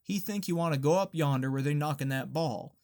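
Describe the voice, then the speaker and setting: A man's voice: a little high, a little fast, mellow, close to an everyday voice. A man voicing Luster, a restless, bossy Southern teenage boy with a drawling, scolding way of talking, in an audiobook reading.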